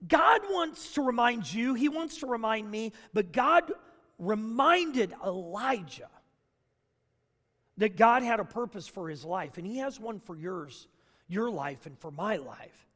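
A man preaching a sermon as pastor, dramatic, swinging between loud bursts and hushed asides. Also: high-pitched, animated, a little slow. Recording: long reverb of a large hall.

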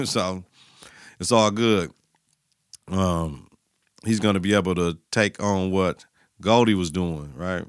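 A man hosting a podcast, recapping a TV episode in a loose, animated way, slipping into the characters' lines and laughing as he goes. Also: low-pitched, takes it slowly, long pauses, clean tone, dry recording, studio quality. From Milwaukee, Wisconsin. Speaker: podcast host.

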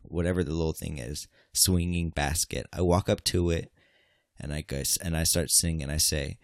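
A man's voice: very deep voice, steady tone, moderate pace, no room sound, clean studio sound. A man hosting a casual podcast, joking and swearing, with sudden mock-angry outbursts. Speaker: podcast host.

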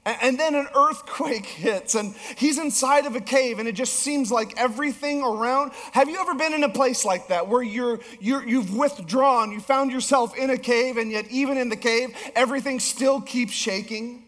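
A male pastor preaching a sermon, telling a story with animated swings between emphatic peaks and low, soft passages. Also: normal speed, few pauses. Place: church auditorium. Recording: long hall reverb.

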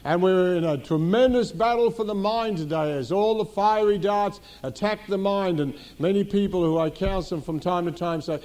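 A middle-aged male pastor gives a teaching sermon in a church, his voice pitched fairly high yet soft and mellow in tone. He leans on repetition, circling back to key phrases and throwing rhetorical questions out to the congregation. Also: normal speed, hardly any pauses. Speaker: senior pastor.

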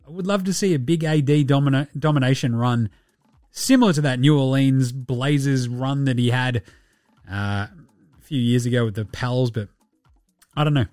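A man's voice: medium pitch, moderate pace, darkish tone, no echo, clean studio sound, faint music behind. An Australian man hosting a sports podcast in casual chat. He is laid-back and slangy, and he swears freely. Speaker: podcast host.

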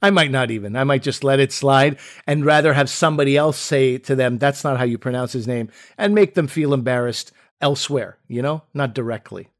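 A man co-hosting a casual podcast conversation, talking in an animated way and acting out the voices he quotes. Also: medium pitch, brisk, hardly any pauses. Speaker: podcast co-host.

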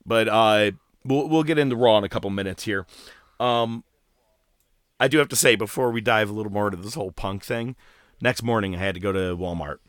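A man's voice: lowish voice, a little fast, smooth, dry recording, studio quality. A man co-hosting a wrestling podcast, telling stories animatedly in casual chat. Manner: animated storyteller, acts out voices. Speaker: podcast co-host.

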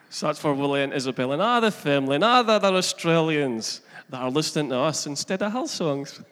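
A fairly high-voiced man preaches a sermon to his congregation, earnest and building in energy. He breaks off now and then for friendly asides. Long reverb rings around him in a church hall. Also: expressive, brisk, few pauses, fairly bright tone, some chatter behind, slight background noise. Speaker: pastor.

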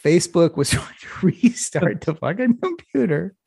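A man's voice: sits high, very animated, normal speed, vocal fry, a little mellow, slightly rough, no echo, clean studio sound. A man co-hosting a podcast in casual banter, telling rambling stories full of swearing. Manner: rambling storyteller, heavy swearing, says "bro". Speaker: podcast co-host.

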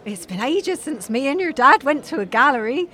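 A woman's voice: sits high, big pitch swings, moderate pace, pushed and bright, heavily acted. A woman playing a muddled, chatty mother in an audio comedy sketch, cheerfully getting words wrong. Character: muddled chatty mum, middle-aged woman.

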